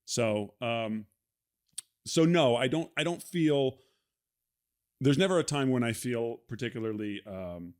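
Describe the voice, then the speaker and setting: A middle-aged actor chatting as a podcast guest, with an ordinary mid-range male voice. He tells stories with animation and breaks into quick character voices for quoted lines. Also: medium pitch. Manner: animated storyteller, acts out quoted lines with laughs. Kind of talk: casual conversation.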